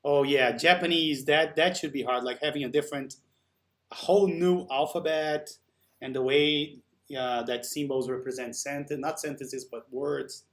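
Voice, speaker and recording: A man's voice: on the high side, fairly even intonation, moderate pace, a bit bright. A man hosting a live stream, chatting casually and answering viewer comments while he works.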